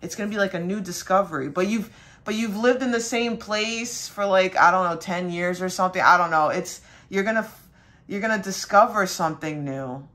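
This young spiritual reader speaks a little quickly in a somewhat bright voice, wandering through an easygoing story laced with fillers and light swearing. When her dad comes up, she imitates him by raising her voice.

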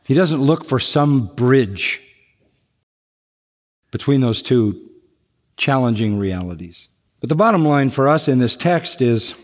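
A man's voice: medium pitch, expressive, takes it slowly, long pauses. A man preaching a sermon, emphatic, and he often repeats key phrases. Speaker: pastor. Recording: long echo of a large hall.

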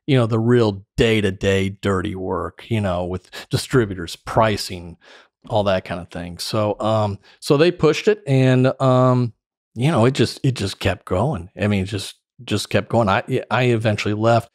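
A man's voice: on the low side, unhurried, no room sound, clean studio sound. A middle-aged man telling stories with lots of laughter as a podcast guest. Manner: animated storyteller, laughs often. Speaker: podcast guest, former sales director. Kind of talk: casual storytelling interview.

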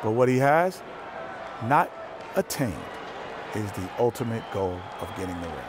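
Men voicing basketball studio analysts trading scripted banter in a video game. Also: male voice, medium pitch, very animated, moderate pace, crowd noise, background noise, close to an everyday voice.

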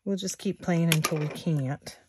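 A soft-spoken savings vlogger in her sixties offers slow, easygoing commentary on her savings challenges at home, calling viewers "guys." Her pitch is fairly low, and the close table-top phone or camera also picks up background noise.

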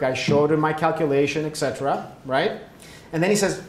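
A middle-aged man giving a public science lecture, explaining with frequent check-ins like "right?" and "okay?". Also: fairly quick. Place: hospital lecture hall. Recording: echoey hall, faint rumble.

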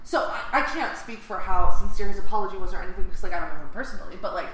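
A woman's voice: medium pitch, lively intonation, racing, bright, forceful tone, a little hiss or hum. A woman co-hosting a podcast in casual chat, peppering her speech with "like". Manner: fills with "like", laughs easily. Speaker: podcast co-host. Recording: very echoey room, faint ambience.

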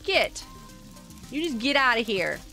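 A woman gaming streamer with a high, lively voice that swoops up and down as she chats. She talks playfully and scolds her teammates in mock outrage. Faint music plays behind her. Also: measured pace, creaky. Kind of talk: casual gameplay commentary.

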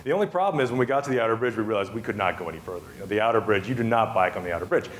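A man's voice: fairly low pitch, expressive, racing, a little hiss or hum. A man giving a humorous storytelling talk on a festival stage, chatty and self-amused, with many asides and restarts. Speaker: festival speaker.

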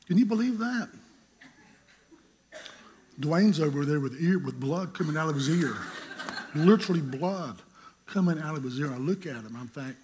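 A middle-aged man from North Carolina, telling a lively, humorous story in a sermon and acting out the quotes. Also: on the high side, normal speed, pauses often, a little hiss or hum. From North Carolina, USA. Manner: animated, humorous, acts out quotes. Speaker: preacher.

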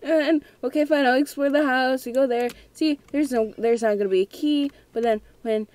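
A woman's voice: high-pitched, moderate pace, darkish tone. A young woman playing a scary game at home, talking nervously and giggling to herself. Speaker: gamer. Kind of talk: let's play commentary.

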